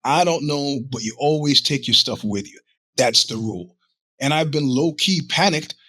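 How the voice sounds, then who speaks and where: A man's voice: medium pitch, animated, moderate pace, sharp tone, no echo. A middle-aged man hosting a podcast, telling a rambling, profane story in a casual monologue with many restarts. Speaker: podcast host.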